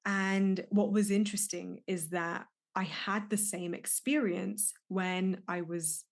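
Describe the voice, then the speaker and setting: A young woman talks alone into her podcast mic, reflective and openly emotional. Her voice sits at an ordinary middle pitch. She searches for words and often restarts her sentences. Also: steady tone, slow, gravelly. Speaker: podcast host and life coach. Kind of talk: reflective solo podcast monologue.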